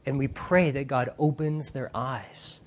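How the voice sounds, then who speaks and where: A man preaching a sermon in an animated, casual way, using slang and acting out voices. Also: mid-range voice, measured pace.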